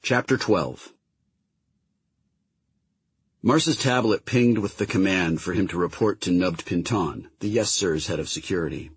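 A man narrating an audiobook in an expressive manner, close to the mic. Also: low voice, normal speed, slightly rough, dry recording. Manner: expressive, voices each character.

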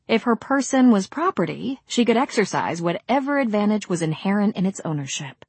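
A woman narrating an audiobook in a measured, literary reading. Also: medium pitch, sing-song, breathy edge, no echo.

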